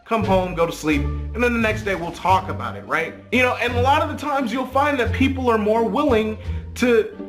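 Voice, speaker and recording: A high-voiced man telling a casual story to the camera. His talk rambles and swears, full of filler and checking tags, with faint music under it. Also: lively intonation, normal speed. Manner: profane, rambling, many "like" and "right?" tags. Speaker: vlogger.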